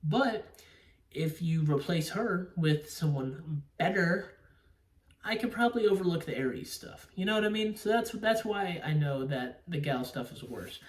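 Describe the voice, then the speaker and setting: A man's voice: a little high, expressive, a little slow. A man giving a casual, rambling movie review, swearing often and stressing his opinions. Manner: profane, rambling, emphatic. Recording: echoey room, distant from mic.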